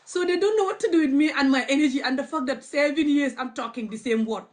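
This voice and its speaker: A woman's voice: sits high, quick pace, darkish tone, slight background noise. A woman vlogger, not a native English speaker, ranting bluntly to camera and repeating her points over and over. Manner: blunt, repetitive, stubborn. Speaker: activist vlogger. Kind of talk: impassioned rant to camera.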